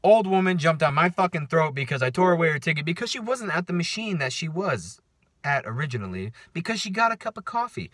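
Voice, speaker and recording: A man's voice: a little high, very animated, fast, fairly bright tone, no echo, clean studio sound. A man telling a story in a casual vlog rant, profane and sarcastic. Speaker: vlogger.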